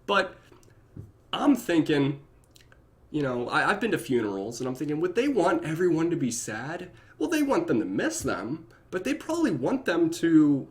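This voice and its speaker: A young man chatting casually on his own live stream, reading viewer comments and often breaking into laughter and goofy high voices. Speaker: YouTube reactor.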